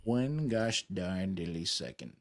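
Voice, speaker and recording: A man's voice: low voice, big pitch swings, slow pace. Goofy rambling young man streaming. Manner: goofy, rambling, talks to chat while fiddling. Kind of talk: casual live-stream chat.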